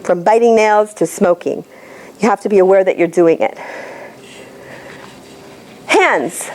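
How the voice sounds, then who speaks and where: A middle-aged woman giving a lively, direct workshop talk as a pitch coach to a room of listeners. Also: measured pace. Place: room with a live audience.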